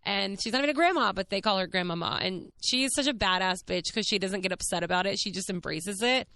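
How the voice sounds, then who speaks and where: A woman in her thirties hosting a podcast, telling a story in a chatty, animated way, laughing often and swearing casually. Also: mid-range voice, quick pace. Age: 30s. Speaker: podcast host.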